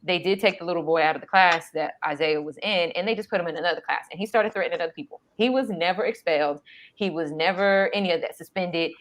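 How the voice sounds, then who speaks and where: A middle-aged woman talking bluntly and emphatically in a relaxed chat. Her voice is notably low for a woman. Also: fast talker. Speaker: mother and co-host. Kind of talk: casual chat.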